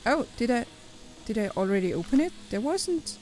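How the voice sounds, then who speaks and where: A young woman hosting a let's play, reacting excitably, exclaiming and talking back to the game as she plays. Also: a little high, normal speed, rough recording. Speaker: gaming channel host.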